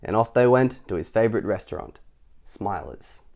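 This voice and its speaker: A man's voice: lowish voice, normal speed, vocal fry, a little mellow. A man reading a children's picture book aloud, chuckling and adding chatty asides for young listeners. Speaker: storytime reader.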